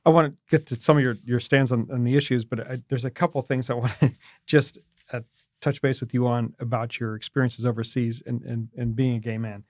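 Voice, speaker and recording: Male interviewer, mid-pitched, conversational and halting, dry close mic. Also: steady tone, darkish tone, no room sound. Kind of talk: interview questions.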